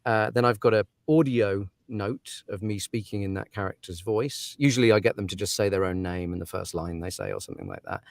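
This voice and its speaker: Soft-spoken man, low and dry. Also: lively intonation, a little fast, gravelly, hardly any pauses, no room sound. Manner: thoughtful, laughs often, trails off with fillers. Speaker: audiobook narrator, guest. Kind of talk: casual interview talk.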